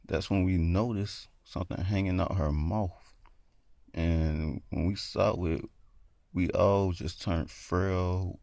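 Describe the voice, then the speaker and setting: A man's voice: sits low, vocal fry, darkish tone, no echo. A man telling a horror story in a casual, rambling way, full of fillers.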